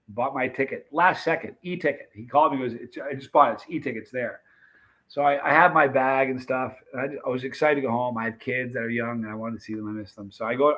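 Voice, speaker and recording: A middle-aged American streamer chats with his viewers through a rambling tale, acting out what people said and frequently starting over. He speaks in a mid-range voice, and the sound is lo-fi.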